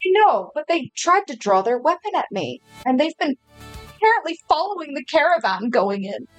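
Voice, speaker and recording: A woman's voice: high-pitched, big pitch swings, moderate pace, soft background music. A woman player at a tabletop role-play game, moving between narration and speaking in character. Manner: shifts between narrating her character and pleading in a tearful put-on voice.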